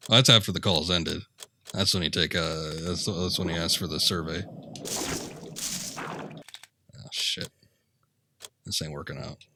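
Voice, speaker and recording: A man does casual let's-play commentary while streaming a game, joking and laughing as he plays. His voice sits very low, and he talks into a desk mic. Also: normal speed, sharp tone, slight background noise. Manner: laid-back, jokey, laughs often. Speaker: gaming streamer. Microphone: headphones and desk mic.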